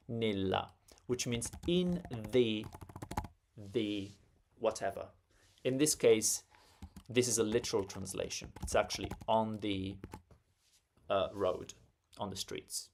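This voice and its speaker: An Italian-accented man teaches a live online language lesson. He speaks slowly, with a gravelly, fry-edged voice, and says each example word over and over to show where the stress falls. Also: lowish voice, a little mellow, slight background noise. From Italy. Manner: explains slowly, often repeating words for stress.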